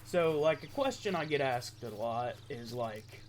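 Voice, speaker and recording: A young man from southeastern Ohio with an Appalachian accent, chatting casually over gameplay, halting and full of ums. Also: medium pitch, animated, slight background noise. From southeastern Ohio, USA. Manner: rambling, halting, lots of ums and self-corrections. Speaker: gaming YouTuber.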